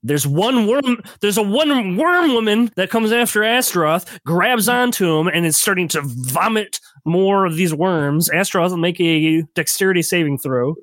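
A man's voice: high voice, expressive, moderate pace, hardly any pauses, fairly bright tone, dry recording. A man narrating combat as game master in a tabletop role-playing game, vivid and gleeful.

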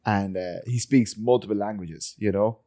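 A man co-hosting a podcast, chatting about a film in a halting way with many stops and restarts. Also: on the low side, mellow. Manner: halting, full of fillers and restarts. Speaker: podcast co-host. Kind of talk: casual film review chat.

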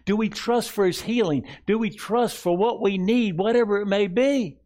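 A male pastor preaching to his congregation in a somewhat high voice. He presses his points with rhetorical questions and earnest appeals. At times he eases into a soft, tender tone. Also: moderate pace. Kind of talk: sermon. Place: church sanctuary before a congregation.

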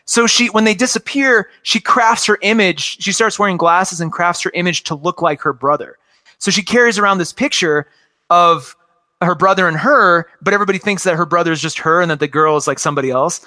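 A man's voice: sits high, brisk, bright, forceful tone. A man in his forties chatting enthusiastically about cartoons, rambling with lots of fillers. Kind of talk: casual chat about cartoons.

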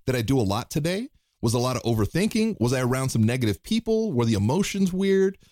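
A man's voice: mid-range voice, very animated, quick pace, darkish tone, no room sound, clean studio sound. A man hosting a podcast, chatty and supportive, talking with lots of fillers. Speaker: podcast host. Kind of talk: podcast interview.

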